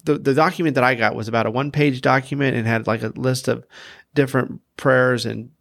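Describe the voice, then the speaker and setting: A man's voice: mid-range voice, steady tone, a little fast, gravelly. A man hosting a casual podcast interview, chuckling often and talking in hesitant bursts full of fillers. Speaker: podcast host.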